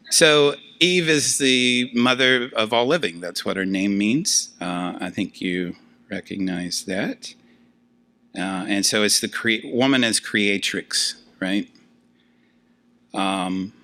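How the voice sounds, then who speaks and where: An older man, a professor, giving a conversational lecture to a class, with frequent fillers and lively asides. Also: on the low side.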